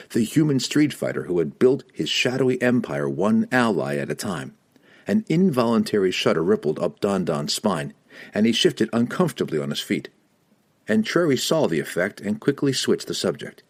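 A man with a deep, husky voice narrates a fantasy audiobook. His reading is dramatic and expressive, with pitch that swings widely from line to line.

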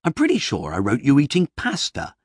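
A man voicing a flustered writer who talks in a fussy, rambling, exasperated way, pitched up from his reading voice, in an audiobook. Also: huge pitch swings, fairly quick, a little mellow, breathy edge, no echo, clean studio sound, full character voice. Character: flustered middle-aged male fantasy writer.

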